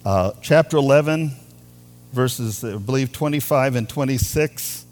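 A man preaching a sermon as a pastor, with animated delivery, drawing out key words for emphasis. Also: medium pitch, measured pace.

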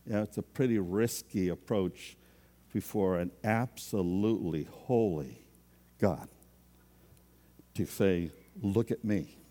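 A man's voice: low voice, takes it slowly, long pauses, mellow, in a large hall. A man preaching a sermon as a pastor, in a conversational, self-deprecating way.

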